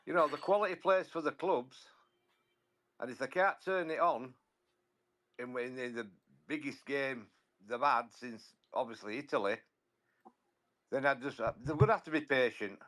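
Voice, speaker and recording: A man chatting about football on a podcast, often halting and repeating words as he talks. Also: mid-range voice, fairly bright tone. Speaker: podcast regular, football fan. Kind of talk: casual football chat.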